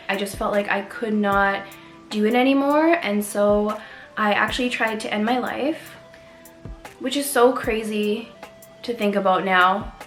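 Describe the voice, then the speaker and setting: A young woman from Canada, vlogging to camera and telling her own story in an earnest, candid way with soft pauses. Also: mid-range voice. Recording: echoey room with faint music.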